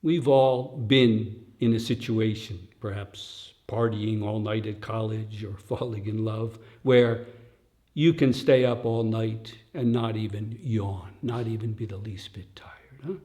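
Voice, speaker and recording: With a lowish voice, an older man gives a dharma talk at a retreat, unhurried and reflective. He's a dharma teacher who habitually adds "huh?" to his lines and lets some remarks fall to a near whisper.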